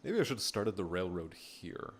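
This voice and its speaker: A man's voice: sits low, big pitch swings, normal speed, slightly rough. A man casually commenting while he plays a strategy game on stream, laid-back and swearing now and then.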